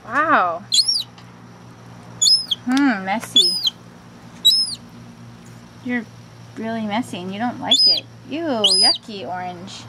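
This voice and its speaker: A woman's voice: mid-range voice, animated, slow, pauses often. A woman filming her pet seagull chick, coaxing and cheering it on in sing-song baby talk. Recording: loud background noise and bird chirps.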